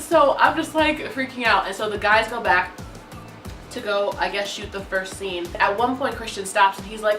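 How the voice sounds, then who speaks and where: A young woman telling a storytime vlog in an excitable, gushing way that bursts into squeals. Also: mid-range voice, fairly quick. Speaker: vlogger. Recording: echoey room, mic at a distance, music behind.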